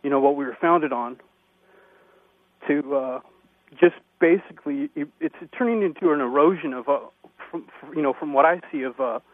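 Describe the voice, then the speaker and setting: A man calling in to a radio show, speaking in a hesitant, halting way with many fillers. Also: fairly high pitch, dry recording. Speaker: radio caller. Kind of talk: call-in comment. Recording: phone line.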